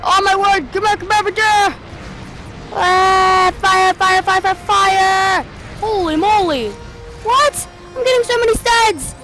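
A woman hosting a let's play video, giving excitable, playful commentary over the game and mimicking the characters. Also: very high-pitched, slow pace, music in the background. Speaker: gaming channel host.

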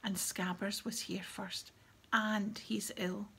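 Female reader voicing a loud, indignant teen boy, breathy edge. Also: medium pitch, flat delivery, slow, heavily acted. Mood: sulky. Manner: loud and angry outbursts. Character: hot-tempered teenage boy, indignant.

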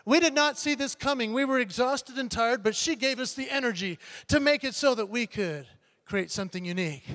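A motivational speaker, a man, telling an animated story on stage and acting out the voices. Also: extremely high pitch, a little fast. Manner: animated, acts out voices, builds to punchlines. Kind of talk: keynote storytelling speech. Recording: long hall reverb.

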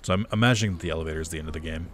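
A man's voice: low voice, racing, a bit bright, a little hiss or hum. A man giving casual let's-play commentary on a game, chatty and laughing, swearing freely at what happens on screen. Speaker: gameplay commentator.

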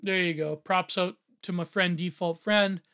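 A man reading out a social media thread and reacting to it in an excitable way. He laughs often and swings between low muttering and loud shouting. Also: moderate pace, clean tone. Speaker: online commentator.

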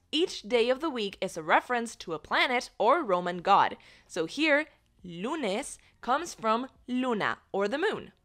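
Slow, lively woman teaching vocabulary. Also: medium pitch. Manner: clear, patient, enunciating. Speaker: language teacher. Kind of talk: scripted lesson narration.

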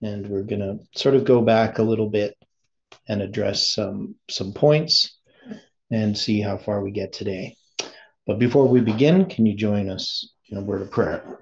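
A man teaching an informal Bible study, speaking haltingly and often stopping to search for words. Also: lowish voice, a little mellow. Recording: dull lo-fi recording.

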